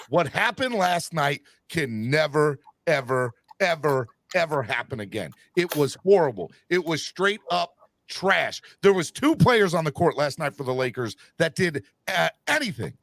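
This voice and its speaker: A man with a gravelly, fry-edged voice rants through heated sports talk, his pitch leaping all over the place. He swings from low grumbles up into loud, high bursts. The sound is dry and close, with no room around it. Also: dry recording. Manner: animated, ranting, bursts into shouting. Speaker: sports podcast host.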